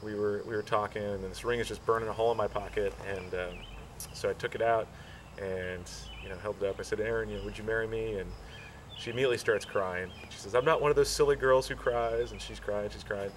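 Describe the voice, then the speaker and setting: A man slowly recounting how he proposed, with many fillers, restarts and pauses. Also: lowish voice, level tone, distant mic, slight background noise, low-quality recording. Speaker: groom telling proposal story. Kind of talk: casual storytelling.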